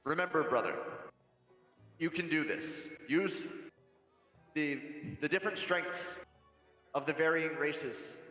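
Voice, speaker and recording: Man as a calm wise mentor, earnest, reassuring. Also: fairly high pitch, slow pace, pauses often, echoey room, big-room sound, soft background music, low-quality recording.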